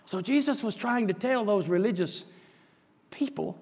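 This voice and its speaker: A man preaching a sermon, swinging from soft, quiet asides up to loud shouted passages. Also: sits high, expressive, normal speed, big-room sound. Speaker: pastor.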